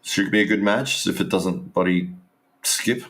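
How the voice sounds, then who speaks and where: Low-voiced man commentating live. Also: a little slow, fairly bright tone. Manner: rambling, restarts sentences, talks straight to viewers. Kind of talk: casual live stream commentary.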